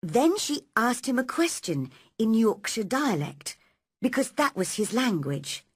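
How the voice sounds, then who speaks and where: A woman reads a storybook aloud slowly and clearly for learners. Her pitch rises and falls a lot, and her voice is soft and breathy in a dry, close recording. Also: big pitch swings, no echo. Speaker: narrator.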